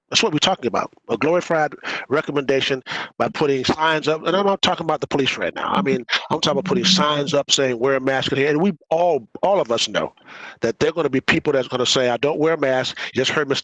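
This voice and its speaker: A man's voice: medium pitch, a bit bright, dry recording, rough recording. Impassioned man chairing a meeting. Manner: impassioned, repeats words when pressed. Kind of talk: public meeting debate.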